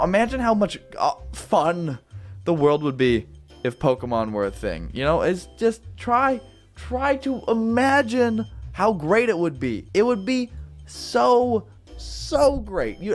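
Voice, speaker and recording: A man giving casual, jokey commentary while playing a game at home in his apartment, with sudden playful jumps in his voice. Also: on the high side. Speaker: gaming video host. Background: neighbor's music.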